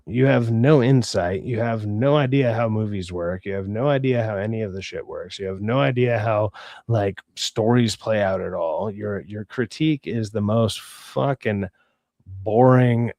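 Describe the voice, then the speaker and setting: A man's voice: on the low side, darkish tone, no echo, clean studio sound. Profane, exasperated streamer man ranting. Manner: profane, exasperated, stammering restarts. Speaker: streamer host reading chat. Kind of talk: casual livestream rant.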